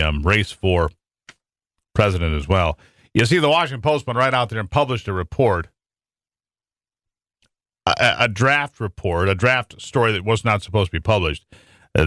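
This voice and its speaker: With a low-leaning but fairly bright voice, an American talk radio host rambles through a monologue, often restarting sentences and using fillers. The recording is clean studio sound with no room reverb.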